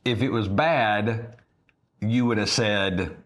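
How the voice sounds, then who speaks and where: A man co-hosts a podcast, talking in a teasing, halting way and often repeating his words. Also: on the low side, fairly bright tone. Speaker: podcast co-host. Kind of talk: casual chat.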